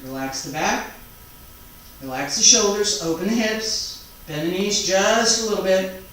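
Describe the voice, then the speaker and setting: A man teaching a taiji class online, calmly calling out each movement, breath and count step by step. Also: high voice. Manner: calm, unhurried step-by-step cueing and counting. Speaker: taiji instructor. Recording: very echoey room, mic far off, faint background noise.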